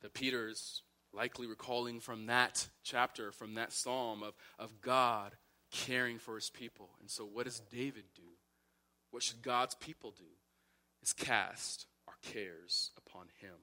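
Bright-voiced man preaching a sermon. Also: medium pitch, fairly even intonation, a little slow. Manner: builds to impassioned, rising emphasis; repeats phrases for emphasis. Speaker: pastor.

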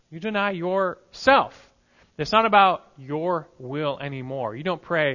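A male pastor preaching a sermon, emphatic, moving between hushed lines and loud peaks. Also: on the high side, a little slow, highs cut off.

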